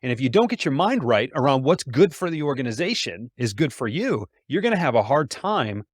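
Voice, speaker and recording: A man talks as a podcast guest, driving points home with punchy sayings and restarting phrases as he builds momentum. His voice is of average pitch for a man, recorded close and dry without room sound. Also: very animated, a little fast, dry recording. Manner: emphatic, speaks in punchy aphorisms, repeats words as he builds a point. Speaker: sales trainer, podcast guest. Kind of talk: casual conversational interview.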